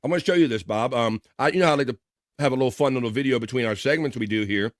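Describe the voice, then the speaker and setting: A man's voice: mid-range voice, rapid-fire, no room sound, clean studio sound. A man hosting a casual live stream, rambling, laughing often and restarting his sentences. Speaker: livestream host.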